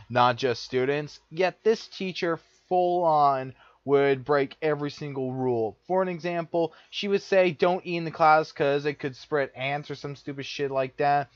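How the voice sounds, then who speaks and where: A man's voice: on the high side, moderate pace, hardly any pauses, dry recording. A young man vlogger telling a personal story in a profane, repetitive, exasperated rant. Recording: dull lo-fi dry recording.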